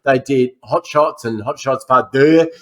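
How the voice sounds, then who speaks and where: A man's voice: mid-range voice, measured pace, fairly bright tone. A man co-hosting a casual film podcast, presenting his segment in a loose, jokey, swearing way. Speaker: podcast co-host.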